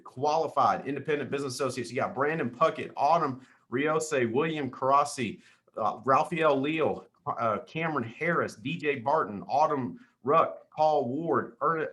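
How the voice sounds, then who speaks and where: A man hosting a weekly team sales call, reading out leaderboards with hyped shout-outs, calling people dude and brother. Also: mid-range voice. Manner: hyped, calls everyone dude and brother, quick asides.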